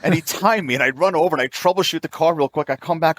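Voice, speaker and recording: A man in his fifties telling a long story in casual chat, jumping into a higher pitch to act out the people he quotes. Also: fast talker, dry recording, clean studio sound. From New York. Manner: animated, acts out quoted voices in a higher pitch. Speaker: mobile auto technician, podcast guest.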